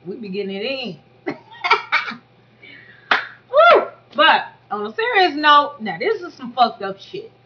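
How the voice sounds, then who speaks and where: A woman giving blunt, profane, animated commentary on a reality show in a casual vlog. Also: a little high, normal speed, hardly any pauses, background noise. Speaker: YouTube commentator reviewing a reality show reunion. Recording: dull lo-fi audio.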